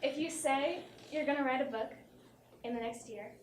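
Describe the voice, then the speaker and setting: High-voiced woman doing a mock motivational talk. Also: normal speed, crowd noise. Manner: mock-earnest self-help speaker, giggly. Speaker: stand-up comedian. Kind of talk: parody motivational talk on stage. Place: small theater stage. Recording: echoey theater from far off, noisy. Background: audience laughter.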